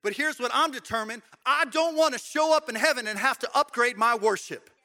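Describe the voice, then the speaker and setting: The middle-aged pastor preaches briskly in a church sanctuary, his voice very high, bright, and forceful. His sermon moves between shouted, rallying exhortation and quiet, personal talk, with joking asides that keep it lively.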